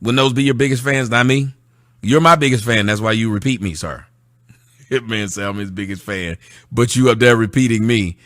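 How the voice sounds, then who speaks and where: A man's voice: medium pitch, moderate pace, fairly bright tone, no room sound, studio quality. A man hosting a casual livestream, reading viewer comments aloud and answering them in a sarcastic, mocking way. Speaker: livestream host. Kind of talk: casual livestream rant to chat.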